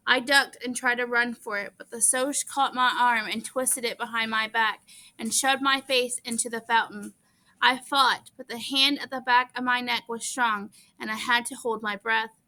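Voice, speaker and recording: A woman's voice: on the high side, fairly even intonation, normal speed, sharp tone. A woman reading a novel aloud in first person, earnest, with small stumbles now and then. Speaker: audiobook reader.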